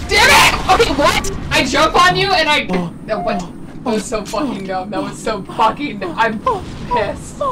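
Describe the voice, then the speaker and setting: A young woman streaming a shooter game, raging, yelling and swearing as she taunts her opponents. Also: sits high, sing-song, measured pace, distant mic. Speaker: gaming streamer. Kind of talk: raging live gameplay commentary. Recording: loud game noise, voice off-mic.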